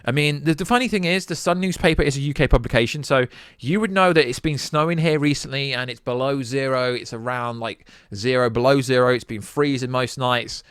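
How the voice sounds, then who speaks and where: A young British man hosting a casual film news vlog, sarcastic and animated, rambling as he debunks a story. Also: medium pitch, brisk, clean tone, dry recording, clean studio sound. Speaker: YouTube film news host.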